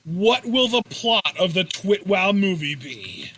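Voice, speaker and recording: A man's voice: high voice, big pitch swings, takes it slowly, fairly bright tone. A man co-hosting a casual chat show, reading questions and adding dry, wry quips. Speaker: podcast co-host.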